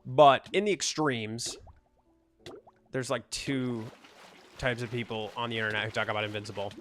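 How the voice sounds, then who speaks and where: A man's voice: medium pitch, fairly even intonation, moderate pace, a bit bright, slight background noise. A young man chatting casually over his gameplay, rambling, joking and ranting about whatever comes up. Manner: rambling, jokey, ranting asides. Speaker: gaming YouTuber.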